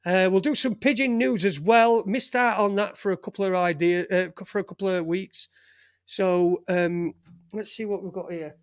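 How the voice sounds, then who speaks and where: A man's voice: high-pitched, steady tone, normal speed. A man hosting a live online show in rambling, jokey banter, swearing freely. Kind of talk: casual live-stream chat.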